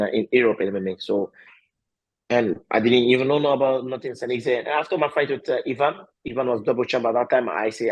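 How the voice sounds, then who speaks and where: A husky-voiced man speaks in broken, stopping and restarting often with fillers. He tells his story with lively bursts of feeling and a laugh now and then. The sound is dry and close, with no room around it. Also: on the low side, dry recording, rough recording. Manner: halting, many fillers and restarts, non-native grammar; animated, laughs while telling stories. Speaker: MMA fighter, interview guest. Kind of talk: casual interview answers.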